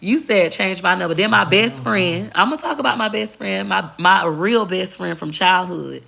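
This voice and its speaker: Gravelly, bright-voiced woman telling stories. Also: mid-range voice, moderate pace. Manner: candid, blunt, profane, animated. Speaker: vlogger. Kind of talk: casual storytelling to camera.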